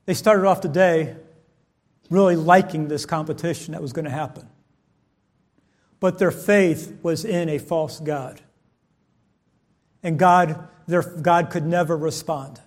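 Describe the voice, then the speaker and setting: A man preaching a sermon, reading scripture aloud and swinging from loud, emphatic lines to hushed ones. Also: on the high side, steady tone, unhurried, pauses often. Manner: reads scripture aloud in King James wording.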